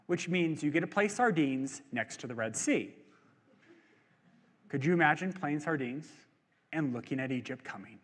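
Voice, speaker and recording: A male pastor preaching in a chatty, joking way, his high voice leaping up and down with energy. He asks the crowd questions. A long church-hall reverb trails after each phrase. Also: sing-song, normal speed. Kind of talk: sermon. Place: church sanctuary.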